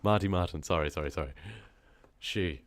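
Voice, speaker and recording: A man's voice: sits low, fairly quick, no room sound, studio quality. A man chatting casually on a live stream, reading comments, rambling and laughing often, with a congested, stuffy nose from a cold. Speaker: horror story narrator streaming live.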